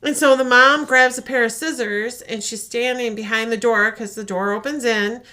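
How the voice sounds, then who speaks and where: Podcast lady retelling a creepy short, bright voice, acts out all the parts. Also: on the high side, normal speed. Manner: animated storytelling, acts out voices. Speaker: podcast co-host. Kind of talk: casual chat, retelling a horror short.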